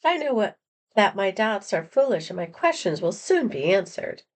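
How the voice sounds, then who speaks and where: A man's voice: sits high, very animated, normal speed. A woman reading aloud the part of a wary, defiant young male prisoner in a storybook, in a plain voice close to her own. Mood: firm.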